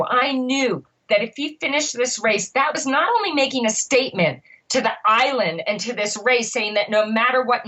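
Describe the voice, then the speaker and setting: A middle-aged woman with a fairly high voice tells a podcast story with animated, emphatic energy. She speaks as a triathlon coach who punches her key words. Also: moderate pace, hardly any pauses, low-quality recording.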